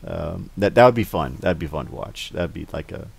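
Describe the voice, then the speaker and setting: A man's voice: low-pitched, expressive, fairly quick, gravelly, breathy edge, dry recording. A man hosting a casual interview. He talks hesitantly, with many restarts and fillers. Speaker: host.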